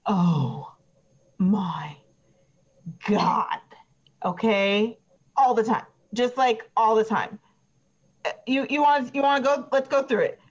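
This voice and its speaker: During improvised tabletop role-play, a woman plays an exasperated trial witness who is chatty and petty, rambles with plenty of fillers and grows defensive. Her voice is fairly high and slow, with long pauses, on a dull lo-fi recording.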